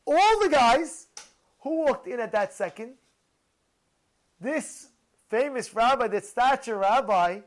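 A rabbi tells stories in a lively Torah talk, his voice sitting strikingly high for a man. He repeats phrases for emphasis and drops Hebrew terms into his English. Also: slow, pauses often, poor audio.

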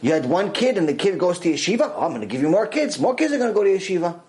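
A man giving a lively religious lecture as a Torah teacher, repeating phrases for emphasis and acting out quotes. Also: high-pitched, very fast, rough recording.

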